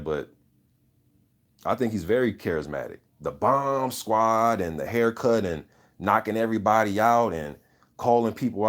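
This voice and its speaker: A man hosting a casual boxing talk show, reading viewer comments and giving loose, opinionated takes full of swearing and "you know what I'm saying". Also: lowish voice. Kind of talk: casual unscripted chat.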